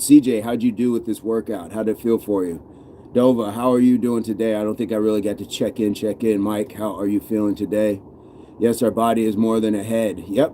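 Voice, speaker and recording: Male workout coach on a live stream, deep warm tone, counts reps and greets viewers, slight noise behind. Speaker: fitness coach.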